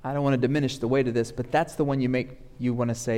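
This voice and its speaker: A man preaching a sermon, moving from loud, pleading passages to hushed, low ones. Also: fairly even intonation, quick pace, clear, resonant tone. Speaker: pastor. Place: church sanctuary. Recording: long hall reverb.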